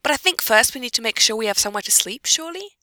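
A woman's voice: expressive, fast, bright, forceful tone, dry recording. A woman reading the part of a clever, bookish young witch who speaks in an eager, questioning, raised voice. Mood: earnest. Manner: eager, questioning, higher-pitched.

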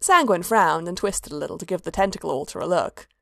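A woman's voice: lowish voice, fast, creaky, no echo. Woman narrating a story, dry close sound.

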